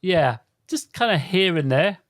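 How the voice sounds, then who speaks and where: A man co-hosting a casual podcast, talking in a halting way with frequent restarts and wry jokes. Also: high-pitched, animated, no room sound, clean studio sound. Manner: halting, stumbles and restarts words; jokey, wry asides. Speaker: podcast co-host.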